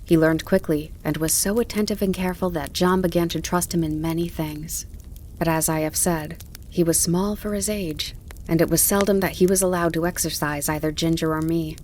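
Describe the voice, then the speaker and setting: A woman narrating a classic novel as an audiobook in a measured, even way. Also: fairly low pitch. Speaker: audiobook reader. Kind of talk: calm storybook narration. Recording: faint crackling campfire behind.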